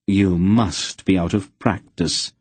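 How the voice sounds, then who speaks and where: A man voicing a fierce, protective sorceress who scolds in a sharp, raised voice. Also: sits low, steady tone, slow, husky, dry recording, exaggerated voice. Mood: commanding.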